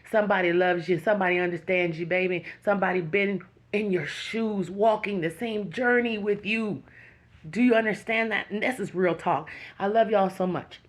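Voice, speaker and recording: Earnest woman vlogger, slightly low voice. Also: poor audio. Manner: earnest, preaching encouragement to viewers. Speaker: YouTube channel host. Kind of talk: emotional direct-to-camera talk.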